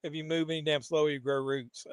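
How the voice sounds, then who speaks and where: A man's voice: on the high side, steady tone, fairly quick, smooth, no echo. A man hosting a casual live watch-along, making wry, joking asides as the film plays. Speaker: host.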